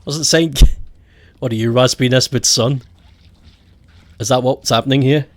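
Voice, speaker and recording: A man's voice: medium pitch, steady tone, measured pace, dry recording. A man with a Scottish accent chatting casually as a game streamer, joking and laughing often. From Scotland. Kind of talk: casual chat while gaming.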